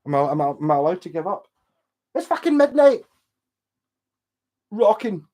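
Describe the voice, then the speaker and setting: A man's voice: high-pitched, big pitch swings, moderate pace, warm tone. A drunk man with a Scottish accent, hosting a casual late-night livestream, rambling and swearing as he rants to viewers. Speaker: livestream host.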